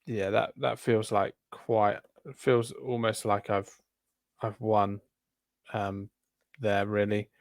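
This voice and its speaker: A man co-hosting a casual podcast chat, talking in halting bursts full of ums and restarts. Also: lowish voice, level tone, no echo, studio quality. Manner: hesitant, lots of ums and restarts. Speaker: podcast co-host.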